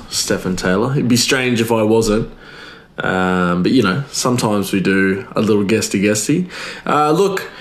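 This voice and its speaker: A man hosting his podcast in a chatty, rambling, upbeat way. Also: mid-range voice. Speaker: podcast host. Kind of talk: casual chat. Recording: echoey room.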